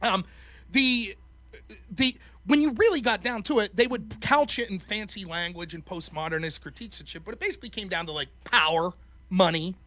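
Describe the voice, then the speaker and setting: High, bright-voiced man telling a story. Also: fairly quick, no room sound. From Pennsylvania. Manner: profane, animated storytelling that acts out quotes. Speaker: host. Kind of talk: storytelling on a call-in show.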